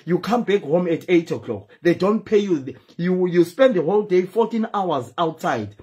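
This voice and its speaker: Impassioned Zimbabwean man, lively high voice. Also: moderate pace, lo-fi sound. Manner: pleading, emphatic, switches between English and Shona. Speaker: host. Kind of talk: impassioned live-stream talk.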